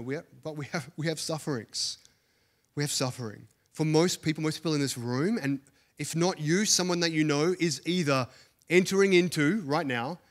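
A man's voice: a little high, a bit bright. A man with an Australian accent, a pastor preaching a sermon to a congregation in a church, earnest and building emphasis through repeated phrases.

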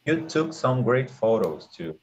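A man's voice: medium pitch, big pitch swings, measured pace, dull audio, slight background noise. A man reading the part of a friendly young man in a hurry, hesitant and careful, in a classroom role-play. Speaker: student reading a dialogue.

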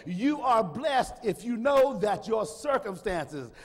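Pastor guy preaching real slow, half-singing, lots of uh's, echoey church. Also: high voice, very animated, husky. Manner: fervent, half-sung preaching cadence with frequent "uh". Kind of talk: sermon. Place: church sanctuary. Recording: long reverb of a church hall.

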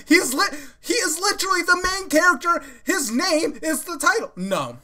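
A woman hosting an anime reaction video, swearing freely and shouting strings of "no" when upset. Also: extremely high pitch, sing-song, moderate pace. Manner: loud, swearing, repeats "no" and "nah" in bursts. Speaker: anime reaction channel host. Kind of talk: live reaction commentary.

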